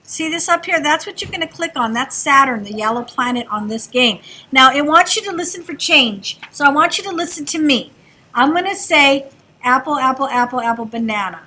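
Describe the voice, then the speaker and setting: High sing-song kindergarten teacher. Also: female voice, lively intonation, moderate pace, bright, forceful tone. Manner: sing-song, encouraging, talks to small children. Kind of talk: classroom instruction. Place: classroom.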